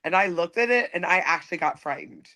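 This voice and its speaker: A woman guest in a casual online chat, self-deprecating and animated, quick to laugh. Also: lowish voice. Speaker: panel guest.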